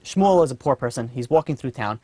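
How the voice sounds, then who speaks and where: A man, a rabbi, giving a storytelling sermon in an earnest, animated way, often saying "you know". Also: medium pitch, fairly quick.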